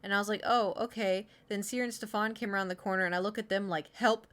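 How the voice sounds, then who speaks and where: A woman's voice: mid-range voice, steady tone, fast talker, fairly bright tone. A woman in her thirties from Oklahoma, streaming as she reads her old diary entries aloud in a giggly, self-mocking way. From Oklahoma, USA. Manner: giggly, self-mocking, chatty with many fillers.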